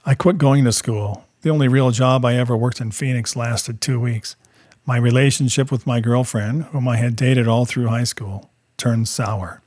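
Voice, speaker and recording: A man narrating his own life story as a first-person testimony, in a plain, steady storytelling manner. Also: medium pitch, dry recording, clean studio sound.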